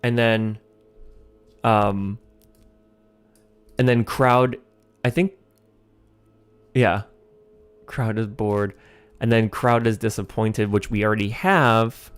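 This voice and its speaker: A man's voice: lowish voice, steady tone, slow pace, pauses often, clean tone, no echo. A man hosting a livestream, thinking aloud while writing a comedy sketch, hesitant with many ums and chuckling as he reads lines aloud.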